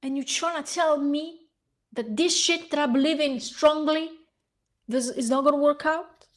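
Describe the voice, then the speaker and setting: High-pitched woman ranting angrily. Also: moderate pace. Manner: heated, profane, ranting while reading aloud. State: hoarse. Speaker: vlogger. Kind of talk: angry reaction rant.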